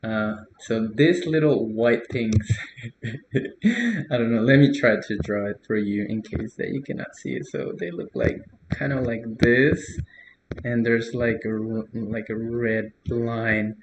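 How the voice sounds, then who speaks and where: Slow, hesitant young man tutoring. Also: medium pitch, echoey room, noisy background. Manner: relaxed, hesitant, many fillers, soft laughs. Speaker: language tutor. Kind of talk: casual correction of a learner's post.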